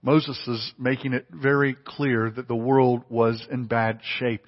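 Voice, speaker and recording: A man's voice: medium pitch, level tone, a little slow. A man preaching a sermon with earnest emphasis, often repeating his phrases for weight. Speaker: pastor. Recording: dull audio with long hall reverb.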